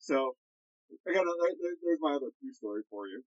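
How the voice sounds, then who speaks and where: A man co-hosting a casual podcast chat, telling an animated story and acting out both sides of a quarrel. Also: mid-range voice, fairly quick. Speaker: podcast co-host. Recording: slightly muffled lo-fi recording.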